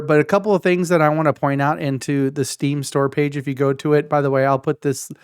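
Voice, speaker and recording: A man's voice: a little high, clean tone, no room sound, studio quality. A young adult man hosting a casual gaming video, talking enthusiastically and rambling with frequent restarts. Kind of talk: casual game preview talk.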